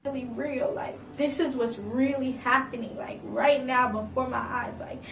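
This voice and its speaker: A young woman content creator telling a personal story, talking fast and saying "like" constantly. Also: sits high, fairly even intonation. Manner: fast, filler-heavy, says "like" constantly. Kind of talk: emotional storytime vlog. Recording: roomy, distant mic with background noise.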